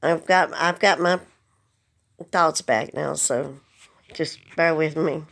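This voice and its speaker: Low gravelly woman, near tears. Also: slow, fairly bright tone. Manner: earnest, pleading, plain-spoken. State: holding back tears. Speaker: vlogger. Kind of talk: emotional direct-to-camera message.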